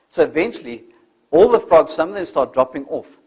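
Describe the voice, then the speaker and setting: An older man giving a motivational talk, telling stories in an animated way and acting out voices. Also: a little high, fast talker. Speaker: motivational speaker.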